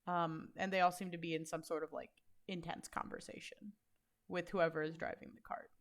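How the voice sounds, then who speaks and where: A woman's voice: fairly low pitch, level tone, normal speed. A woman narrating a tabletop game as game master, describing scenes loosely with lots of fillers.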